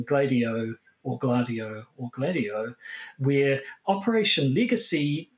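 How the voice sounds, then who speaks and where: A man hosting a podcast, explaining a history topic in a casual, hesitant way with frequent restarts. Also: mid-range voice. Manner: hesitant, many restarts and fillers. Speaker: podcast host.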